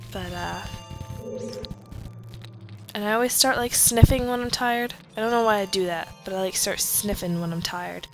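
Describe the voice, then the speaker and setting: Young female let's-player, drowsy and halting, game music behind. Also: mid-range voice. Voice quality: drowsy, halting with many fillers. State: sleepy, yawning. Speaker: let's play commentator. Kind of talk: casual gameplay commentary.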